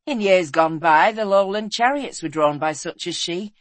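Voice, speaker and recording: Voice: mid-range voice, expressive, normal speed, dry recording, natural voice. A narrator voicing a kindly old bearded village smith in a storybook reading, speaking heartily and encouragingly. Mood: hearty.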